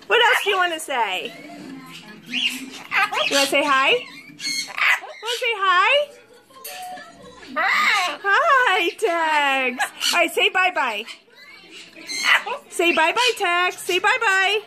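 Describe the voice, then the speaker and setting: A woman's voice: very high voice, lively intonation, slow, long pauses, background noise. A woman keeper talking in sing-song baby talk to her pet birds in an indoor bird room, coaxing them to say hello. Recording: loud bird squawks around her. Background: birds squawking and chattering.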